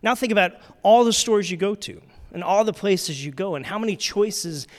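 A man with a fairly high voice delivers a casual, chatty sermon. He keeps turning to his listeners with questions. He shifts between loud, bright storytelling and quiet, hushed reflection. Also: lively intonation, moderate pace. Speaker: pastor. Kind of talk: conversational sermon.

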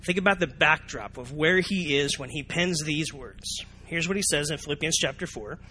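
A man preaches a sermon from the front of a church. His voice sits a little high and sounds bright and forward. He keeps things lively, putting questions to the congregation and acting out their reactions. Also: normal speed, a little hiss or hum. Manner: animated, asks the congregation questions, acts out reactions. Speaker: pastor. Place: church sanctuary.

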